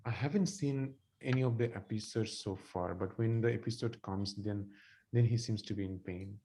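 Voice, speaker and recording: A man's voice: on the low side, moderate pace, dark tone, lightly acted. A man playing a worried father of a sick young son in a medical exam role-play, answering hesitantly. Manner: hesitant, concerned replies.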